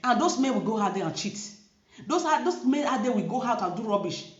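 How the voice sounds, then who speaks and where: A woman's voice: on the high side, lively intonation, fairly quick. A woman with a Nigerian Pidgin-inflected English accent, talking to camera as a vlogger in an emphatic, preachy way and repeating her points. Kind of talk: casual commentary to camera. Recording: roomy, dull lo-fi sound.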